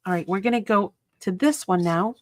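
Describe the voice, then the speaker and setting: A woman's voice: medium pitch, fairly quick, no echo. Chatty woman crafting on a dry mic. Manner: chatty, rambling storyteller who trails off mid-sentence. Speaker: crafting channel host. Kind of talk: casual crafting chat while working.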